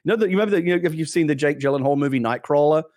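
Fast-talking British man, animated storyteller. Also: on the high side. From Britain. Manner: animated storyteller, laughs often, many restarts. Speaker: podcast co-host. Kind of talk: casual chat.

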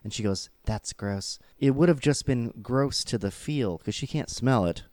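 A man's voice: medium pitch, animated, moderate pace, a little mellow, dry recording. A man hosting a casual podcast, chatting loosely and laughing easily as he signs off the show. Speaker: podcast host.

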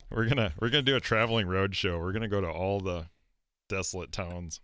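A man's voice: low-pitched, fairly quick, a bit bright, dry recording. A man co-hosting a racing talk show, chatting in an easygoing, joking, rambling way. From South Dakota. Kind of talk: casual chat.

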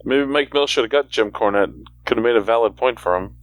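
A man co-hosting a casual podcast, wry and quick to laugh, stammering a bit when he argues. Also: medium pitch. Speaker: podcast co-host.

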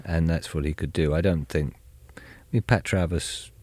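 A man's voice: extremely low pitch, fairly even intonation, moderate pace, a little mellow, dry recording. A man co-hosting a podcast, chatting casually with dry, sardonic asides. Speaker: podcast co-host. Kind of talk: casual music review chat.

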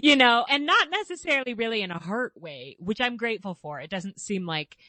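A woman's voice: a little high, big pitch swings, fairly quick, sharp tone, no room sound. A mother hosting an interview, talking candidly and thoughtfully about her children. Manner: candid, thoughtful, laughs easily. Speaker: host, mother. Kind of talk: casual interview chat.

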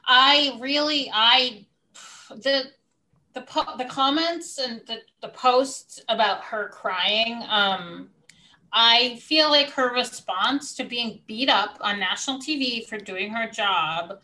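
Woman co-host, bright and slightly high voice, measured and calm, backs up her partner. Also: low-quality recording. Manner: measured, interjects agreement, hesitant fillers. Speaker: podcast co-host. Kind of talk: casual reality-TV recap chat.

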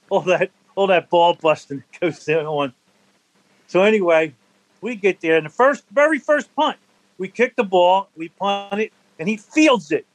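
Older man telling lively football stories. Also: high voice, dry recording, rough recording. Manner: animated anecdotal storyteller, laughs between stories. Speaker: interview guest, former football center. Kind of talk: storytelling in a conversational interview.

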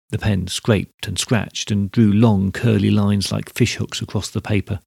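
Guy reading a story aloud, steady and measured, gravelly voice, dry sound. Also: fairly low pitch, no echo. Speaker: narrator.

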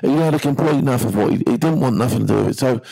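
A man's voice: mid-range voice, very fast, creaky, dark tone, poor audio. A middle-aged man, a former maritime security guard, tells a tense first-person story in a blunt, vivid way and swears casually.

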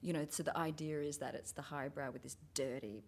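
An Australian woman talking about theatre in a lively casual chat. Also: low-pitched, brisk, creaky. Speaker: actor, writer.

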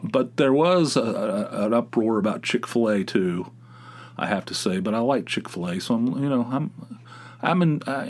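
A middle-aged man hosting a podcast, rambling casually and mocking excited people with put-on voices. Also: medium pitch. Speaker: podcast host. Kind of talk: casual solo podcast rant.

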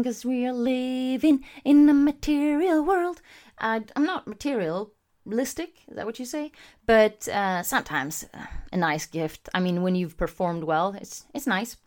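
Chatty woman hosting a podcast. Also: on the low side. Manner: chatty, animated, gives shout-outs to live viewers. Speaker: podcast host. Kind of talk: casual podcast talk. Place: home recording setup, also streaming live.

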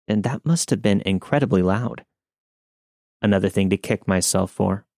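A man narrating a scary true story in a steady scripted read. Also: fairly low pitch, creaky, no echo, clean studio sound.

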